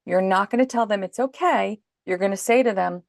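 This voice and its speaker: A woman guest on a podcast, calmly and patiently explaining parenting advice in an instructive way. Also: medium pitch, moderate pace, gravelly, hardly any pauses, no echo, clean studio sound.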